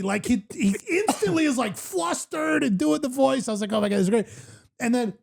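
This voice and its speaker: A man hosting a casual chat show, telling stories excitedly with many fillers and restarts. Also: very high voice, normal speed, vocal fry. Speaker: podcast host.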